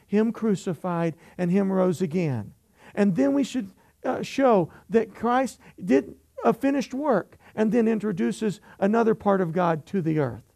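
A middle-aged male pastor preaching a sermon. His voice sits high for a man and carries a gravelly edge. He mixes teasing humor with repeated questions to the congregation. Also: a little mellow.

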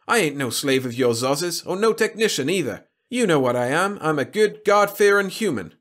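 A man's voice: fairly high pitch, expressive, normal speed, fairly bright tone, pitched above the performer's own voice. A man voicing a simple, stubborn, god-fearing rustic fellow who speaks in plain, indignant bursts.

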